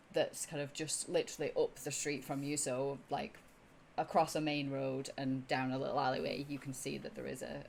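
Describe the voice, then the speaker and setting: A woman's voice: sits low, creaky, a little hiss or hum. A woman running a tabletop game as game master, narrating in a hesitant way with many fillers.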